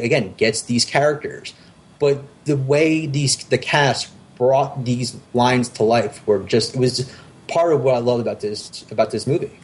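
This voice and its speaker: Male podcast host, mid-pitched, eager and rambling, casual chat. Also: a little mellow. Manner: enthusiastic, rambling with frequent restarts.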